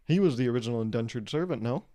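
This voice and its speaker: Man, solo comedy podcast host, rambling, self-deprecating, warm mellow tone, mid pitch. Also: expressive, racing.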